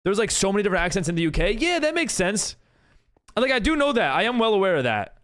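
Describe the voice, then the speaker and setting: A fast-talking man with a high-pitched, fairly bright voice swings widely in pitch. He's live-streaming a game, chatting casually, reading his viewers' messages aloud, and answering with giggly rambling.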